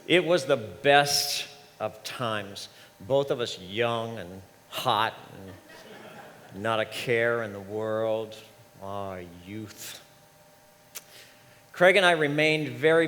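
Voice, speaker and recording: Guy minister preaching a story sermon, mid-pitch, big hall reverb, faint room hum. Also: takes it slowly, fairly bright tone. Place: large church sanctuary.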